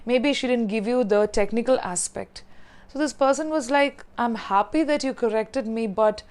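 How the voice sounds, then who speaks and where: Woman, Indian English accent, speech coach, patient explaining, slightly high voice. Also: moderate pace, a little mellow, smooth. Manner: explains patiently, recounts learner's words in quotes. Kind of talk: storytelling lesson to camera.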